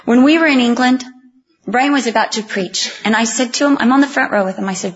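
A woman preaching to a women's group, telling stories with animated, self-mocking humor and acting out the voices of the people in them. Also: on the high side, fast talker. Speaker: women's ministry speaker. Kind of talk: humorous sermon storytelling. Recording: dull lo-fi recording.

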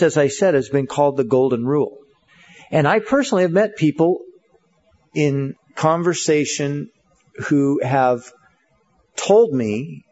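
Earnest preaching man, mellow and husky. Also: mid-range voice, highs cut off. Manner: conversational, earnest preaching with many fillers. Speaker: pastor. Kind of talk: sermon.

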